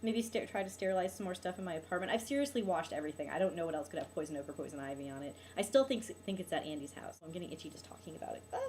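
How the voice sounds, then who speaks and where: A woman's voice: on the low side, rapid-fire, few pauses, a little mellow, a little hiss or hum. A young woman, venting about a bad weekend in a casual vlog, peppered with "like" and "um". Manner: exasperated, venting, frequent "like" and "um". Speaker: vlogger.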